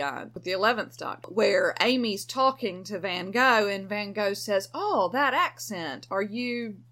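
A woman's voice: mid-range voice, fairly bright tone. A woman co-hosting a podcast in casual chat, opinionated and wry, drawing her phrases out. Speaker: podcast co-host.

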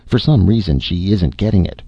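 A man doing a gruff teasing doctor, folksy, deep voice, dry close sound. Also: lively intonation, brisk, mellow, dry recording, highs cut off, exaggerated voice.

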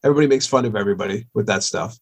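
A rock drummer from Long Island, New York, chats as a podcast guest in a casual interview, joking, telling stories, and laughing easily. He speaks at a racing pace in a lowish, husky voice.

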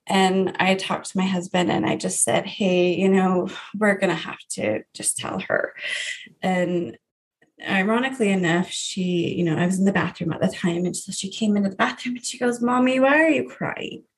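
A woman in her thirties, a grief coach, earnestly telling her personal story in an interview, with soft laughs. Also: mid-range voice, fairly even intonation, normal speed.

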